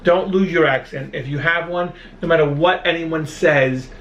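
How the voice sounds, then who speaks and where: A man in his thirties chatting casually as a vlog co-host, telling stories with animated, mock-indignant emphasis. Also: on the high side, moderate pace, echoey room, lo-fi sound. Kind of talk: casual chat.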